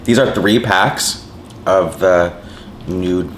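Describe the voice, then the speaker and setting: This mukbang vlogger has a low voice and talks slowly, with a faint hiss or hum on the recording. He chats casually with his viewers as he eats, rambling, saying "like" constantly, and chewing and humming between lines.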